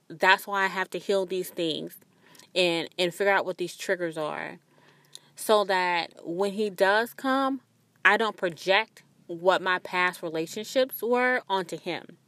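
A woman's voice: fairly bright tone, dry recording. A young woman hosting a spiritual podcast, talking in an earnest, rambling, confiding way. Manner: acts out quoted voices with sudden high pitch jumps. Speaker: podcast host.

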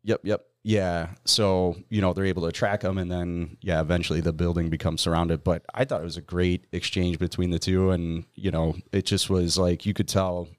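A man co-hosting a podcast, speaking in a halting way with many fillers and quick agreements. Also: low voice, flat delivery, dry recording, clean studio sound. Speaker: podcast co-host. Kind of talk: casual chat.

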